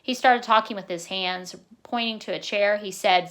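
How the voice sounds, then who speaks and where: A woman narrating a novel in a plain, steady reading voice, now and then correcting her own slips. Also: mid-range voice, moderate pace.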